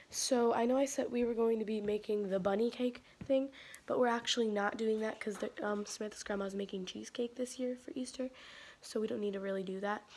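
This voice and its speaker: Out on a porch at night, a young woman vlogs casually into her phone camera in a husky, mid-range voice with a darkish tone. Her chat rambles along with lots of fillers.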